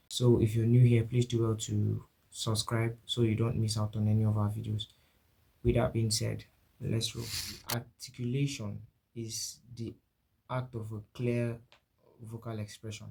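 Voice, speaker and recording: Mellow-voiced Nigerian man teaching acting. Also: on the low side, completely flat delivery, moderate pace, creaky, slightly rough. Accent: Nigerian English. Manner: repeats and restarts, often asks "right?". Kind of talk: spoken lecture to camera.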